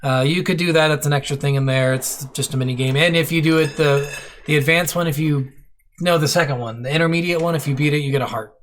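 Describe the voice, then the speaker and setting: A man's voice: on the high side, fairly even intonation, fast talker, fairly bright tone, slight background noise. A man co-hosting a video game podcast, chatting casually, blunt and swearing freely. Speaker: podcast co-host. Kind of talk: casual chat.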